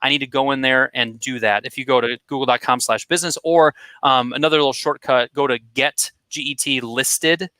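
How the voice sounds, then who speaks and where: Man, bright edge to the voice, dry sound, energetic marketing coach. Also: medium pitch, clean tone, dry recording. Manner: energetic, direct, coaching tone with quick asides. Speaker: marketing guest expert. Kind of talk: conversational coaching advice.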